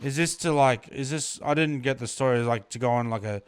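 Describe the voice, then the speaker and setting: Man, podcast co-host, casual jokey chat, smooth voice, dry close mic. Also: medium pitch, brisk, no room sound. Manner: chatty, jokey, loose fillers.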